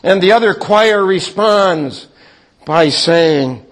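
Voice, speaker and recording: A man preaching a sermon slowly and deliberately, with frequent hesitant pauses. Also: sits high, expressive. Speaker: pastor.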